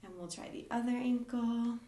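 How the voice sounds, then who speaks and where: A woman leading a live online yoga class for kids, gentle, encouraging and playful as she talks through each pose. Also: on the high side, moderate pace, reverberant. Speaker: yoga teacher for children.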